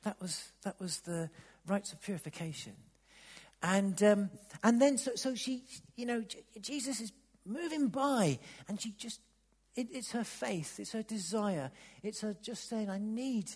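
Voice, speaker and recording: High-voiced preacher man in a reverberant hall. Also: a little slow, husky. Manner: swings from soft near-whispers to loud emphatic bursts; restarts and repeats words when stirred. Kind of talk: sermon. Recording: long reverb of a large hall.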